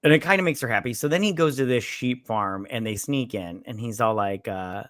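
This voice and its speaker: A man's voice: medium pitch, brisk, a bit bright, no room sound, studio quality. A man co-hosting a casual podcast, retelling a movie in a blunt, crude, joking way with put-on quotes. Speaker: podcast co-host. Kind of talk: casual drunk movie recap.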